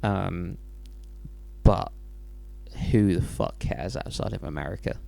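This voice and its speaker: A man's voice: deep voice, slow pace, creaky, mellow. A young English man hosting a podcast, cracking dry, crude jokes in casual chat. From England. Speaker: podcast host.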